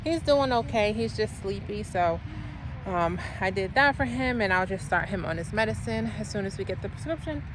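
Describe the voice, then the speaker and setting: A woman's voice: medium pitch, lively intonation, normal speed. A woman chatting casually in a rambling way with lots of fillers, vlogging about her day as a mom. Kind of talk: casual vlog chat. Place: in and around a car, outdoors. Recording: noisy outdoor and car ambience.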